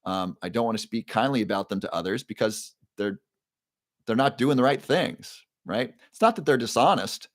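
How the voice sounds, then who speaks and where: A man's voice: medium pitch, lively intonation, normal speed, no echo. Chatty male livestream host, dry sound. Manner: chatty storyteller, repeats key phrases. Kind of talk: casual livestream monologue.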